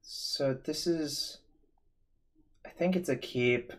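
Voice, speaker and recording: A man's voice: fairly high pitch, takes it slowly. A man hosting a live game stream, analyzing plays in a casual, thinking-aloud way. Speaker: streamer host. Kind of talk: casual gaming commentary.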